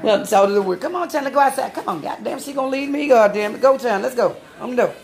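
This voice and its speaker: A woman, vlogging at home on her phone in loud, profane, laughing banter. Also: on the high side, lively intonation, fast. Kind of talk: casual home vlog. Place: home, indoors then outdoors at night.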